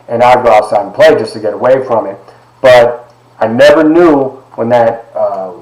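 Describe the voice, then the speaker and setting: A man's voice: medium pitch, darkish tone. A man in his forties from Ohio, telling a candid personal story to a class in an emphatic, conversational way with frequent asides. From Ohio, United States. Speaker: lecturer. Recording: echoey classroom.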